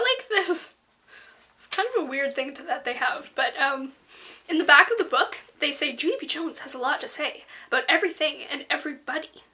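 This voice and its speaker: A woman rambles through a casual book review in her vlog, full of fillers and little whispered asides. Her voice is high and bright. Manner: chatty and rambling, many fillers, drops into soft whispery asides.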